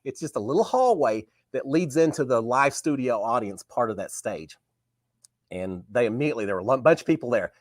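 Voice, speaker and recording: A man's voice: medium pitch, fairly quick, no room sound. A man hosting a live talk show, telling a story casually and acting out remembered dialogue. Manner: animated, acts out remembered dialogue.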